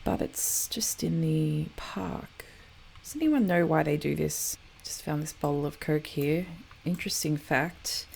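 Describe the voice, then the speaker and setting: A woman's voice: low voice, a little slow, gravelly, darkish tone, a little hiss or hum. A woman hosting a geography show, chatting casually over map footage and often correcting herself.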